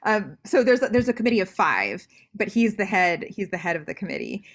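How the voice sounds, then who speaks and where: A young woman speaking as an interview guest over a video call. She tells stories with energy, often restarting phrases and adding quick asides. Her voice sits in a middle pitch. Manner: animated storyteller, quick asides, frequent restarts. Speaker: guest scholar. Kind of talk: interview conversation.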